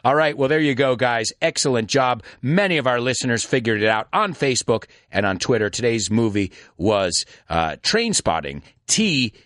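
A man hosting a podcast lesson, explaining words in an animated, playful way. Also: mid-range voice, normal speed, hardly any pauses, dry recording, studio quality. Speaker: language teacher and podcast host.

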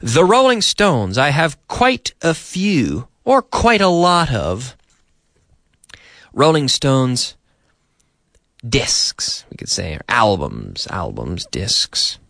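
A man's voice: mid-range voice, wildly swooping pitch, drawn-out words, creaky, long pauses, a bit bright, no room sound. A man teaching English on a radio show from a studio, often repeating and rephrasing for learners. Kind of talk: radio language lesson. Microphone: studio microphone.

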